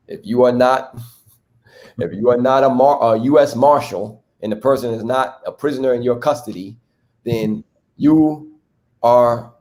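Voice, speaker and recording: A man's voice: on the low side, dark tone. A man hosting a relationship talk on a video call, explaining abuse to a group with many rhetorical questions. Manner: teaching, asks rhetorical questions.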